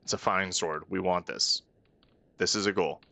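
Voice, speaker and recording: A man's voice: deep voice, steady tone, moderate pace, gravelly, pushed and bright, dry recording. A man hosting a let's-play, chatting casually with wry, self-aware asides. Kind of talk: casual game commentary.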